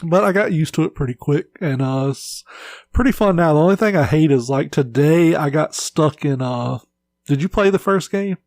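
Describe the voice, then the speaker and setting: A man's voice: on the high side, lively intonation, normal speed, a little mellow, no echo. A man hosting a casual podcast, telling stories in a laid-back, rambling way with lots of filler words. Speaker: podcast host. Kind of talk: casual chat.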